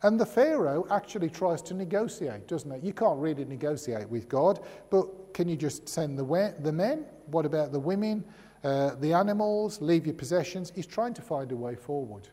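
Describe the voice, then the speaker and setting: A man's voice: a little high, lively intonation, moderate pace, dark tone. A man giving a sermon in a chatty way, with humorous asides and rhetorical questions. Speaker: preacher. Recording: long reverb of a large hall.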